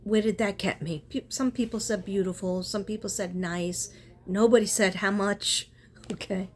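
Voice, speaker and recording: A woman's voice: mid-range voice, steady tone, moderate pace. Earnest woman vlogger rambling about her art, stops and restarts a lot, faint hiss in back. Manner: rambling, self-interrupting, earnest. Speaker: spiritual artist and vlogger. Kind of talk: casual spiritual vlog chat.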